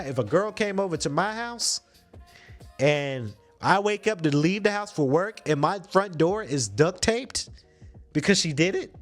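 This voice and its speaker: A man hosting a podcast, casually retelling a movie plot in slangy, animated storytelling with some swearing. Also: on the high side. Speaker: podcast host.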